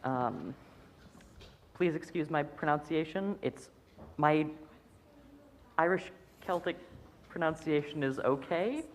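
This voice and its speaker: A man reading a story aloud at a congregational service, gentle with small slips and restarts. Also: a little high, takes it slowly, pauses often. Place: fellowship sanctuary. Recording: roomy hall with faint noise.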